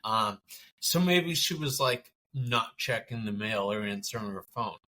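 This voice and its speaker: Bright-voiced man telling his story. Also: lowish voice, lively intonation, a little hiss or hum. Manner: halting, many restarts and fillers. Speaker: podcast guest. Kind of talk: conversational storytelling.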